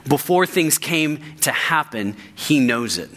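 Bright-voiced man preaching a sermon. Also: on the high side, lively intonation, a little slow. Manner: emphatic, repeats key phrases for weight. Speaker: pastor.

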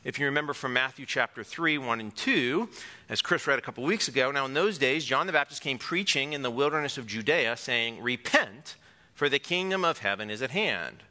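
Bright, lively male preacher. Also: medium pitch, a little fast. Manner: earnest, emphatic, reads scripture aloud. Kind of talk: sermon.

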